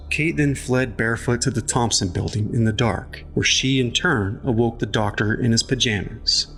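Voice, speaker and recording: A man narrating an audiobook chapter in a measured, even storytelling manner. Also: medium pitch.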